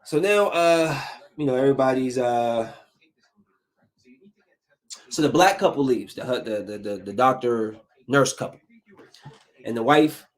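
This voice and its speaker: A man in his thirties hosting a podcast, giving a casual solo commentary in an animated, emphatic ranting style full of slang. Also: mid-range voice, a little slow, pauses often. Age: 30s. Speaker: podcast host.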